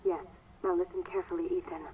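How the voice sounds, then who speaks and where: Low-voiced young woman on a tinny game phone line; hushed, urgent guidance. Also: level tone, fast. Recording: tinny distant phone line, faint hiss.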